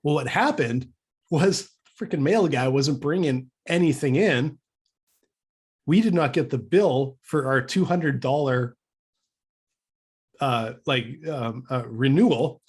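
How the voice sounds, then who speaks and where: A man's voice: medium pitch, slow pace, husky. A man from Canada co-hosting a podcast, telling a story casually, with many restarts and acting out the dialogue. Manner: animated storyteller who acts out quoted dialogue; frequent restarts and stammered repeats. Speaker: podcast co-host.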